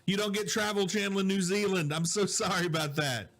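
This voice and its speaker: A man with a somewhat high voice hosts a live stream from his home office. He chats easily, greets viewers and reads their comments aloud. His mic is quiet and a little weak. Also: brisk. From Southwest Louisiana. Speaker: digital host. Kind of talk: casual live-stream chat. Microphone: low-volume mic with problems.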